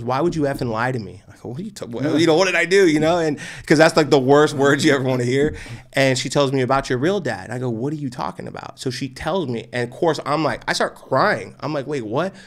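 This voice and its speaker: A man's voice: medium pitch, vocal fry. A man in his forties from near Austin, Texas, telling his life story as a guest in an interview, intense and emphatic, often adding "right?". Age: 40s. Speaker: guest entrepreneur.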